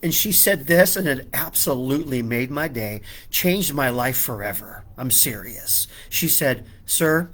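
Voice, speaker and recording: A man's voice: on the high side, fairly bright tone. A middle-aged man giving a devotional talk, telling a personal story with many stammered restarts and frequent "okay?" checks. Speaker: preacher.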